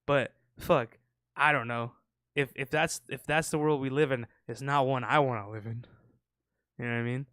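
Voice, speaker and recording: Speaking at a moderate pace with a medium, fairly bright voice and fairly even intonation, a man co-hosts a podcast full of loose, profane chatter and acted-out sound effects. It's studio quality on a close podcast mic, with no echo.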